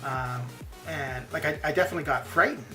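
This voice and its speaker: A man's voice: on the high side, fairly quick. A man in his forties chatting casually on a live game stream, rambling and answering his chat. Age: 40s. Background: stream background music.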